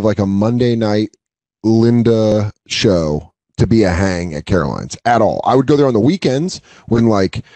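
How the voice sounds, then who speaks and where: A man on a comedy talk show, riffing quick jokes and bits. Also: lowish voice, a little mellow, no room sound. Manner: joking, quick riffs and bits. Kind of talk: casual comedy podcast chat.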